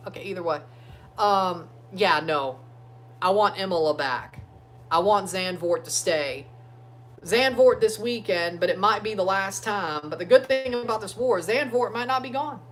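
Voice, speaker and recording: A man hosting a casual sports watchalong livestream from his phone, talking loosely and breaking into excited chants for players. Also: high voice, normal speed, long pauses, a little hiss or hum. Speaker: livestream host. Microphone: phone streaming app.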